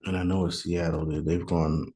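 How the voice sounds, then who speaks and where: A deep-voiced man hosts a casual solo show from home, thinking aloud as he goes. He rambles and second-guesses himself, then bursts into mock anger. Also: flat delivery, normal speed, warm tone. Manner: thinks aloud, chatty, sudden mock outrage. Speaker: podcast host doing a mock draft. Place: room at home, noise outside.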